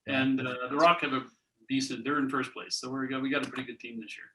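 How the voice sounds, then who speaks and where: An older man with a bright, forceful voice chats casually on a podcast. He talks plainly, rambling and restarting his sentences as he goes. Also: medium pitch, flat delivery, fast talker, poor audio. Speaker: guest, host's father. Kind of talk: casual chat.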